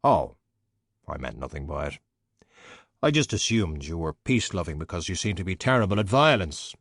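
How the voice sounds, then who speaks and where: A man voicing an unflappable skeleton detective who speaks with deadpan, dry wit. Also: sits low, moderate pace, no echo, pitched below the performer's own voice, full character voice.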